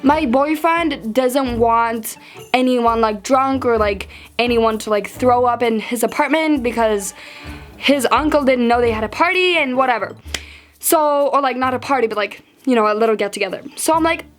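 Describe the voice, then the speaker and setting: A teenage girl tells a storytime vlog in a bright, high voice, chatty and animated. She peppers every sentence with fillers and jumps into acted-out quotes of herself and friends. Soft music plays faintly behind her. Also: moderate pace. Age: teens. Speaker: vlogger.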